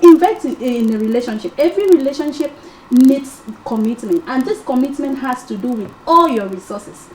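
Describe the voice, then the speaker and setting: A woman's voice: sits high, expressive, a little fast, hardly any pauses, darkish tone, a little hiss or hum. Woman panel guest, methodical explainer, echoey room with faint ambience. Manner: explains point by point, repeats key phrases. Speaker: talk show guest. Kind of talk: casual panel discussion.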